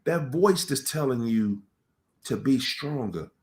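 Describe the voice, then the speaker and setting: A man giving a casual motivational talk to a room, telling stories in colloquial, animated speech. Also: medium pitch, takes it slowly.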